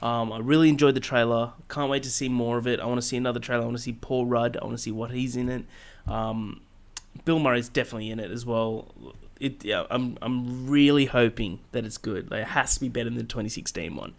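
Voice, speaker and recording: A man co-hosting a podcast in casual chat, eager and excitable, swearing for emphasis. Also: medium pitch, fast, gravelly. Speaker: podcast co-host.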